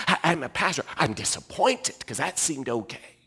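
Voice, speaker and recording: A middle-aged male pastor preaching a sermon, moving between loud emphatic passages and hushed, almost whispered reflection. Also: fairly high pitch, very animated, moderate pace, vocal fry, breathy edge.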